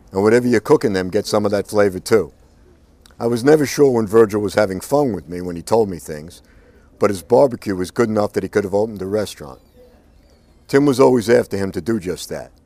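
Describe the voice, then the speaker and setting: A man reads a first-person crime novel aloud in a plain, unhurried way. His voice sits low, and the recording is dry and close with no room sound. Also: dark tone, no room sound. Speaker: audiobook narrator. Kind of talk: first-person story narration.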